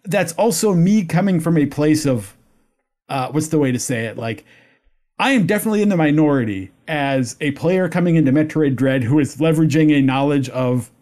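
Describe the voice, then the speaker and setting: A man with a slightly raised pitch talks through his thoughts on a game in a relaxed podcast chat. He hedges often and circles back to find the right word, and the delivery stays thoughtful and unhurried. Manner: reflective, hedging, searching for words. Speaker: podcast panelist. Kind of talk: casual video game discussion.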